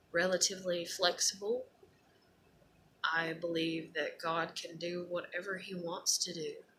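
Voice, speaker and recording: Slow-talking woman in a bright tone. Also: on the low side, a little hiss or hum. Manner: earnest, rambling, turns loud and emotional when acting out despair. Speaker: speaker giving a personal talk. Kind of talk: unscripted personal monologue.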